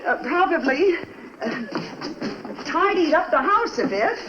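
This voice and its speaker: A flustered scatterbrained wife. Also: female voice, sits high, big pitch swings, takes it slowly, over loud music, exaggerated voice. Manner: flustered, wheedling, comic. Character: scatterbrained scheming young wife. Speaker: lead. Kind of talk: 1950s sitcom acting. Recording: dull noisy 1950s TV soundtrack.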